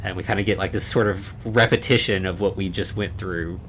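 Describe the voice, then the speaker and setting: A low-pitched man talks through a horror movie's plot on a podcast, in a loose, rambling way full of fillers and restarts. His delivery is casual and conversational, like a friend catching you up on the story. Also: fairly even intonation, fairly quick, a bit bright, a little hiss or hum. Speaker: podcast co-host. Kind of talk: casual chat recapping a horror film.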